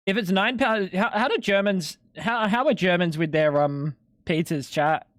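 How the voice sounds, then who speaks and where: A man's voice: sits high, normal speed, a bit bright, no echo, studio quality. A young man streaming live, chatting casually with his viewers in a laid-back, slangy way with some swearing.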